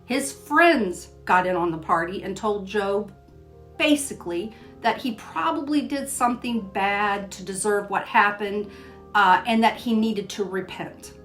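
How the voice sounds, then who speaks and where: An older woman speaks at an ordinary, mid-range pitch, recounting a family story in an easygoing, personal way. She moves between plain storytelling and reading scripture aloud in a devotional teaching style. Soft music plays faintly behind her voice. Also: unhurried. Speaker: host of a Christian devotional show.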